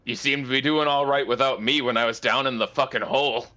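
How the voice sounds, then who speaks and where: A man's voice: mid-range voice, fairly even intonation, quick pace, bright, forceful tone, close to an everyday voice. A man voicing a cheerful, boastful male demigod's son who laughs easily in a tabletop game. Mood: jovial.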